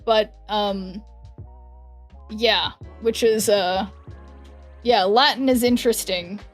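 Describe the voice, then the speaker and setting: A woman's voice: mid-range voice, steady tone, slow, faint music behind. A young adult woman streaming and chatting casually with her viewers, rambling with lots of fillers and self-corrections. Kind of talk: casual chat while gaming, reading chat aloud.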